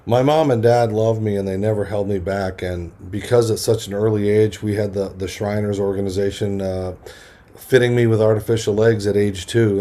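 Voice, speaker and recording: A middle-aged man, a motivational speaker, telling lively stories from his life in an interview, acting out the voices of the people he quotes and often restarting sentences. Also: on the low side. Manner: energetic storyteller who acts out quoted voices, restarts often. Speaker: podcast guest, motivational speaker. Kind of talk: animated storytelling interview.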